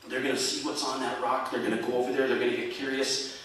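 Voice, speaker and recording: A man's voice: mid-range voice, level tone, fast, a bit bright, slight background noise, lightly acted. A man voicing a wise, teasing old grandfather with a patient, playful manner, recorded from far off in an echoey hall. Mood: instructing.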